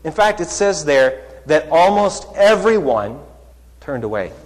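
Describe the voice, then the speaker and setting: A man preaching a sermon, unhurried, acting out quoted lines with rising emphasis. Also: on the high side, very animated. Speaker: pastor. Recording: long hall reverb.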